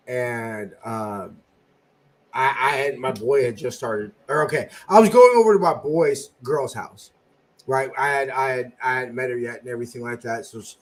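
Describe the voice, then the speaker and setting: A man hosting a casual fan podcast, telling stories excitedly with lots of filler words and swearing. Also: medium pitch. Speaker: podcast host.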